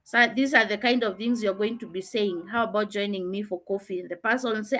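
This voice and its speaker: Bright-voiced woman teaching a class. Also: mid-range voice, a little fast, hardly any pauses. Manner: emphatic, repeats key phrases with frequent "uh" fillers. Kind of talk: classroom revision lesson. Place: classroom with students.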